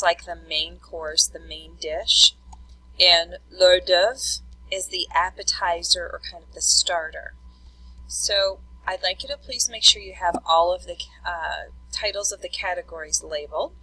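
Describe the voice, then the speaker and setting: Woman teacher, slightly low and bright, walks a class through vocabulary step by step. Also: slightly rough, low-quality recording. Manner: explanatory, repeats terms slowly for note-taking. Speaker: French teacher.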